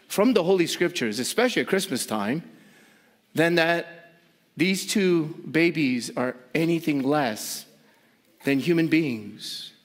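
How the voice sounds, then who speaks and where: A male pastor delivers a sermon in a high, emphatic voice. He drives his points home by repeating words and firing rhetorical questions at his listeners.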